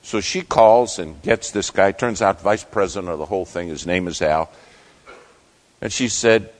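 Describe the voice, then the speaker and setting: A man preaching a sermon, telling a story with dramatic swings between loud and hushed. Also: low voice, animated, moderate pace.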